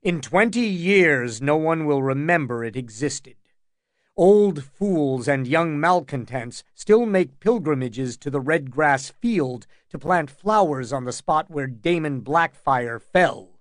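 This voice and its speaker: Cold, scornful older lord, read by a male audiobook narrator; unhurried, a touch high. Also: lively intonation, no echo, clean studio sound. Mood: contemptuous. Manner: icy and contemptuous. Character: cold, commanding older lord and royal hand.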